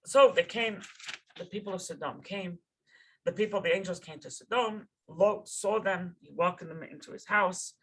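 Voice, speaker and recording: A man's voice: sits high, moderate pace, fairly bright tone, slightly rough, low-quality recording. A man teaching a Torah class in a casual, conversational way, often tagging "right?" and repeating or restarting words. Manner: slips into informal slang.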